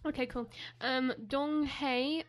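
A young woman with a notably high voice chats casually as co-host. She giggles often and pokes fun at herself. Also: steady tone, takes it slowly. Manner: giggly, self-deprecating. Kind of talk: casual chat.

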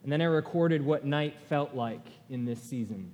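A man preaching a sermon as pastor, earnest and deliberate, lifting his voice when he reads lament passages. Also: mid-range voice, darkish tone. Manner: slow, earnest, pausing delivery, rising for quoted laments. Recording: long reverb of a large hall.

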